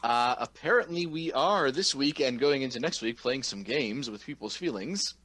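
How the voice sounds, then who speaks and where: A man's voice: mid-range voice, animated, moderate pace, a bit bright. A man co-hosting a casual geek podcast, drawling his words out and laughing easily. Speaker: podcast co-host. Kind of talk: casual group chat.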